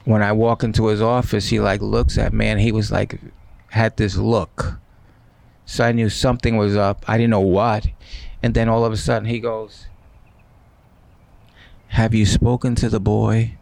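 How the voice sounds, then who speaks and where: A man in his sixties, a guest in an interview, telling stories in an animated way and acting out what others said. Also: on the low side, moderate pace, creaky. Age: 60s. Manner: animated, acts out quoted speech. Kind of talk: storytelling in an interview.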